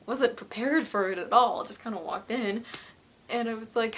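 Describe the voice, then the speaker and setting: A woman's voice: a little high, moderate pace, a bit bright, slight background noise. A woman answering fan questions in a casual home vlog, rambling, giggling and apologizing as she gets emotional telling a story. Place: at home with her cat.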